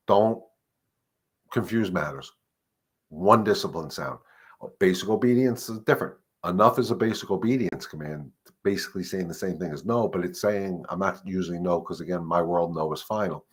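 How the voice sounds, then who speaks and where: Chatty man, somewhat low voice. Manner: chatty, rambling, with fillers and restarts. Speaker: dog trainer hosting a live Q&A. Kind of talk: casual live-stream Q&A. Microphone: live stream microphone.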